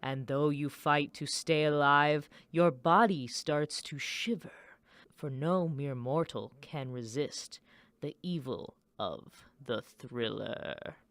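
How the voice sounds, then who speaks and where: A radio host putting on a slow, low, drawn-out voice as a spooky older male horror narrator. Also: fairly bright tone, no echo. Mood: ominous.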